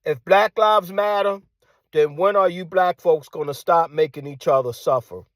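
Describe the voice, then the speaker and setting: Ranting man, rather high, dry sound. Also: moderate pace, no room sound. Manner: combative, repeats phrases and rhetorical questions; drops to hushed tone at times. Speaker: commentator. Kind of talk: ranting monologue.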